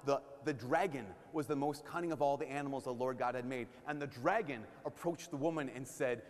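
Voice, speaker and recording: A man preaching a sermon as a priest, casual and animated, sometimes dropping to a hush for emphasis. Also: mid-range voice, a little fast, few pauses. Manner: conversational and animated, drops to hushed tones for emphasis. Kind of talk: sermon at a parish mission. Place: church. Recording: long reverb of a church hall.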